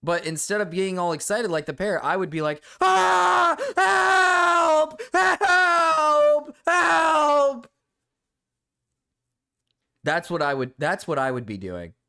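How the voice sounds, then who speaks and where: A man's voice: a little high, fairly quick, hardly any pauses. Giggly young man streaming live. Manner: excitable, giggly, swears freely.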